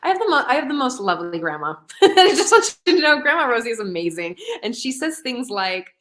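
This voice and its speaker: A woman's voice: fairly high pitch, very animated, brisk, fairly bright tone, slight background noise. A woman co-hosting a talk show, chatting animatedly with frequent laughter and acted-out quotes. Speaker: podcast co-host. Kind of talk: casual chat.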